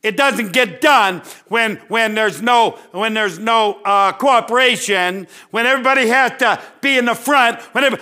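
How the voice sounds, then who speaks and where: Joking preacher, high bright voice. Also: male voice. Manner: folksy, joking, halting restarts. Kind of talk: sermon with live illustration.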